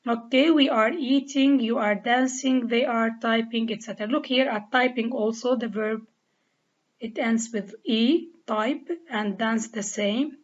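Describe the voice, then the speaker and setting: A woman's voice: fairly high pitch, measured pace. A woman with a Lebanese accent teaching an English grammar lesson, spelling out letters and repeating each rule step by step. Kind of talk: slow, deliberate grammar lesson. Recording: dull lo-fi recording.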